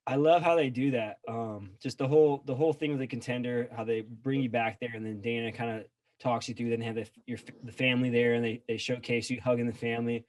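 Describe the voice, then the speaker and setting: A man's voice: medium pitch, steady tone, fast talker, darkish tone, no echo. Man chatting casually in a dry, close sound. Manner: rambling, filler-heavy storytelling. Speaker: podcast co-host. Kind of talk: casual chat.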